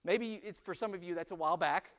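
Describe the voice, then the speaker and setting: A man in his forties preaching a conversational sermon, chatty and animated, often asking "right?". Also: high voice, fast talker. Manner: animated and chatty, with rhetorical "right?" and frequent laughs. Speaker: pastor.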